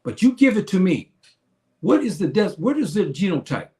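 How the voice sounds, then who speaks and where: A man's voice: high voice, very animated, dark tone. A man lecturing on a live stream, reading and answering viewers' comments with frequent restarts and hesitations. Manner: halting, many restarts, reads and answers comments. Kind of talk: live-stream teaching and chat replies.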